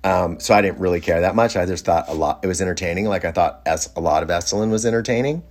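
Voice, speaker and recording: A man telling a rambling story in a casual way, with many fillers and lively quoted voices. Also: low-pitched, fast.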